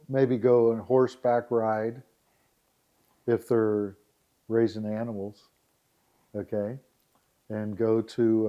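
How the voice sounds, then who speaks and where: A man's voice: mid-range voice, muffled recording. Guy telling stories on a podcast, laughs a lot, does little voices. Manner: chuckling, animated, quotes people in voices. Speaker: founder of a rural dating site, podcast guest. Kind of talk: casual interview storytelling.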